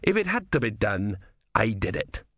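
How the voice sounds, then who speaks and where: A man's voice: fairly low pitch, sing-song, moderate pace, fairly bright tone, dry recording, clean studio sound. A man voicing a sulky, pedantic philosopher in a storybook reading.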